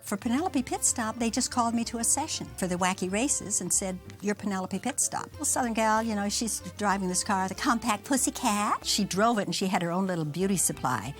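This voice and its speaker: A woman's voice: mid-range voice, animated, a little fast, hardly any pauses, soft background music. A voice actress cheerfully recalling her role in an interview. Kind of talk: reminiscing in interview.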